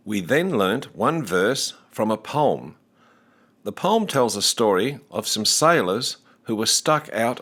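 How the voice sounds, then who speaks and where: A man teaching a recorded language lesson, speaking slowly and deliberately with careful enunciation. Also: on the low side, fairly bright tone.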